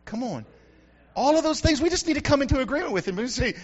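A man preaching in a high, bright voice that swings widely in pitch. He repeats phrases for emphasis and builds up to shouts. The recording sounds dull and lo-fi. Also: lively intonation, fast talker. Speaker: pastor. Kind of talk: sermon.

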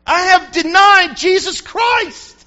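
A man's voice: extremely high pitch, slow, fairly bright tone, pitched above the performer's own voice, full character voice. A man voicing a remorseful male apostle berating himself, emphatic and anguished, on a dull lo-fi recording.

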